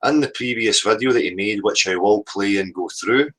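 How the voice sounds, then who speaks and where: A man's voice: fairly low pitch, normal speed, fairly bright tone, poor audio. A man hosting a livestream, combative and sweary, repeatedly asking "right?" as he rants. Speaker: livestream host. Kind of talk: heated livestream rant.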